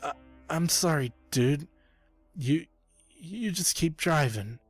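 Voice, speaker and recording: A man's voice: a little high, expressive, takes it slowly, soft background music, voice pushed up. A man voicing a frightened, unhinged young man who stammers and pleads, in a creepypasta reading. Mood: pleading. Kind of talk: creepypasta narration.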